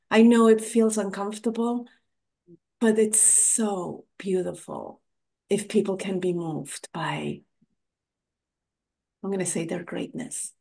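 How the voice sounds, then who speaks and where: A woman's voice: medium pitch, fairly even intonation, slow pace, gravelly, pauses often, mellow. A woman hosting a podcast in a casual interview chat, affirming her guest and often tagging "right?". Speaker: podcast host.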